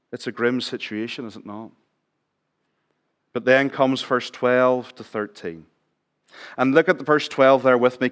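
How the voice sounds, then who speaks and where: Man, middle-aged, pastor, sermon in church, conversational, questions to congregation, hushed emphasis. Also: mid-range voice. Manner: conversational, asks the congregation questions, drops to near whisper for emphasis.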